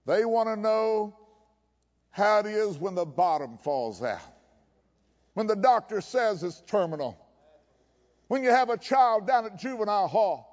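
Male preacher, high voice, folksy and emphatic, muffled hall recording. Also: expressive, unhurried, long pauses, a little mellow. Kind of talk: sermon. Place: chapel service.

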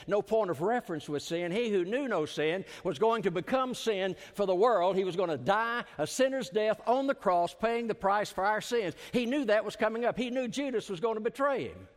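A man preaching a sermon as a pastor, swinging his voice up for emphasis and dropping it low and slow at the ends of phrases. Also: expressive. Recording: long hall reverb.

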